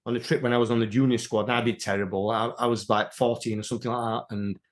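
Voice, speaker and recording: A man, an interview guest telling rambling, animated stories in casual chat. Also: mid-range voice, fast. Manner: animated, rambling, many restarts.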